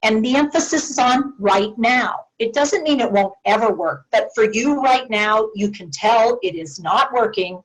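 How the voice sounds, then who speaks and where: A woman giving a talk on dementia care communication, earnest and clear, acting out example phrases as she goes. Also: on the high side, unhurried, hardly any pauses, poor audio. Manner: earnest, acts out sample phrases with shifting tone. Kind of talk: presentation to a support group.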